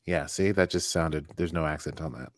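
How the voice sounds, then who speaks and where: A man co-hosting a casual recap podcast, playful and quick to laugh, with mock news-anchor asides. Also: very deep voice, no room sound, clean studio sound. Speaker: podcast co-host.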